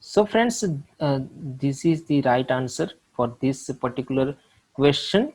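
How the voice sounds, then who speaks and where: A man from India teaching English literature, walking through exam questions with frequent pauses and fillers, calling his viewers friends. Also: mid-range voice, lively intonation, darkish tone, rough recording. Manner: slow, halting, many fillers, addresses viewers as friends. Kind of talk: exam solution lecture.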